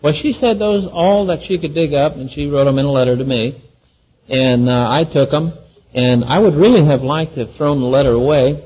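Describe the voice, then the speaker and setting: Folksy man, husky and a bit high, earnest testimony storyteller, dull lo-fi recording. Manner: earnest, folksy, acts out the quoted voices. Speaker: Christian speaker giving a testimony.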